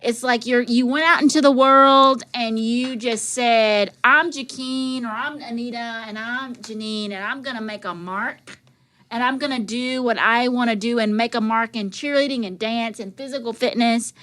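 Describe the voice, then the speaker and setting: A woman from Tennessee co-hosts a chatty podcast. Her voice sits high and sounds bright. She talks in gushing, rambling runs, full of y'all and like. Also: moderate pace. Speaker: podcast co-host. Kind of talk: casual chat.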